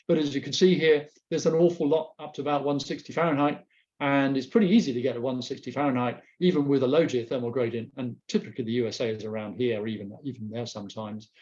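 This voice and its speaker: A man presenting slides in a webinar, speaking haltingly with many restarts and repeated words, heard through a remote webcast mic. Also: mid-range voice, dark tone, muffled recording.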